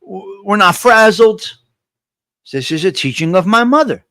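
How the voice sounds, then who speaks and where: Motivational male livestream host, high voice. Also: expressive, a little slow, pushed and bright, dry recording, clean studio sound. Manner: motivational, repetitive, addresses viewers directly. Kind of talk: casual live morning chat, reading chat comments.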